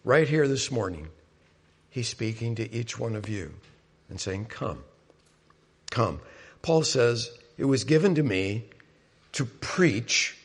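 Male pastor, mid-pitched, earnest sermon delivery, long hall reverb on the voice. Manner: earnest, rises on key points and drops soft and low for appeals.

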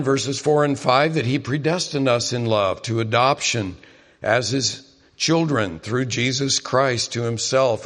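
Male pastor, mid-pitched, earnest sermon delivery, long hall reverb on the voice. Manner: earnest, rises on key points and drops soft and low for appeals.

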